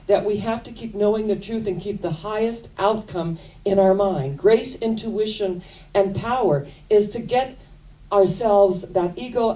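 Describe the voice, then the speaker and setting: A woman minister preaching a sermon in an earnest storytelling manner with soft asides, recorded in a church from a distant microphone. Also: mid-range voice. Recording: distant mic.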